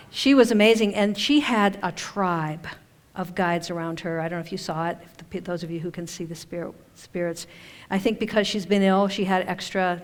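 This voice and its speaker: A woman giving a chatty, conversational talk at a conference, with self-deprecating humor. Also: mid-range voice. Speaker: conference speaker and author. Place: conference hall stage. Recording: long hall reverb.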